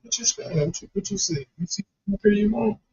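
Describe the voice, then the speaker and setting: A man in loud, teasing, crude casual banter with a friend. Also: high-pitched, fast, husky. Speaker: comedic podcast co-host. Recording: dull lo-fi recording.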